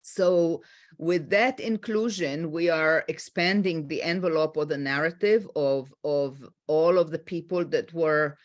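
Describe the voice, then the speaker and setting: A middle-aged woman with an Israeli accent, moderating a panel discussion in a halting way with many fillers. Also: low-pitched.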